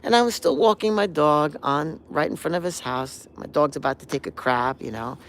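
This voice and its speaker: A man in his sixties, hosting a live stream and telling a rambling, animated story, now and then humming melodies and acting out quotes. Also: on the high side, normal speed, a little hiss or hum. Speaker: host.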